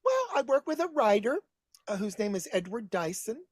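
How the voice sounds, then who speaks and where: A man's voice: high voice, very animated, normal speed, no room sound. A middle-aged man in drag persona, a guest telling bawdy stories in campy casual chat over a video call, calling people honey.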